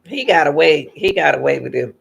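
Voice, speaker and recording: A woman's voice: sits low, lively intonation, brisk, gravelly, husky. A woman hosting a reaction channel, giving emphatic commentary and repeating her points to her viewers.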